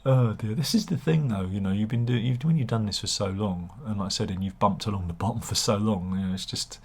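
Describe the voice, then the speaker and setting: A man talks to camera with a husky, slightly low voice. He rambles in a sardonic, self-mocking way and often stops to restart his sentences. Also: fast talker. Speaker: YouTuber.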